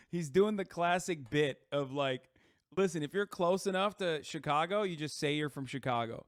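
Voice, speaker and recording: A man's voice: on the high side, dry recording. Rambling, cursing male streamer. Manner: rambling, profane, quick asides with laughter. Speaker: streamer reacting to a video. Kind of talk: casual live-stream reaction commentary.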